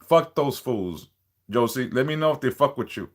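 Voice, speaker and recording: A man's voice: medium pitch, lively intonation, moderate pace. Blunt, profane man chatting on a livestream. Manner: blunt, profane, warning viewers. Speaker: livestream host, spiritual worker. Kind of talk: casual livestream chat reading comments.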